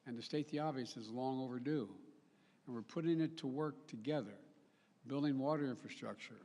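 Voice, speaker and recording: A man's voice: medium pitch, fairly quick, dark tone. A man giving a formal public speech as a national leader, emphatic, with repetitions, restarts and joking asides. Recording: long reverb.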